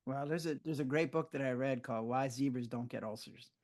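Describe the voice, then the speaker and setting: An older male physician, appearing as a guest in a conversational interview, explains stress at a fairly quick clip in a mid-range voice. He's an animated storyteller who acts out his own reactions as he recounts his stories.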